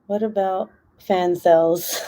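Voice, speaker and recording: A woman's voice: lowish voice, steady tone, takes it slowly, warm tone. A woman hosting a casual craft livestream, chatty and laughing often.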